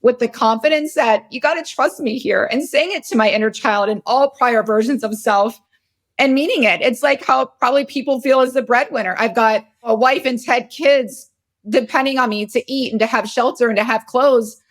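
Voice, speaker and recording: A woman's voice: fairly high pitch, moderate pace. A woman in her forties hosting a podcast, telling a personal story in a candid, emotional, rambling way, and sounding very tired. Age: 40s. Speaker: podcast host.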